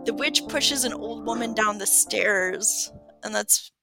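A woman's voice: medium pitch, takes it slowly, creaky, over music. A woman co-hosting a podcast and chatting casually about a film, rambling with many hesitations and giggles. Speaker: podcast co-host. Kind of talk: casual movie-review chat.

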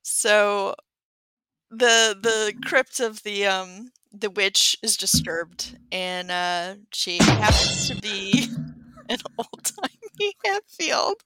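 A woman's voice: medium pitch, lively intonation, extremely slow, over music. A woman co-hosting a podcast and chatting casually about a film, rambling with many hesitations and giggles. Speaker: podcast co-host. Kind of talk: casual movie-review chat.

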